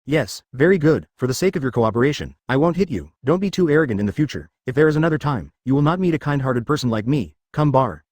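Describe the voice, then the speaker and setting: A man's voice: mid-range voice, lively intonation, fast, few pauses, darkish tone, no room sound, close to an everyday voice. A man reading as a smug young cultivator hero.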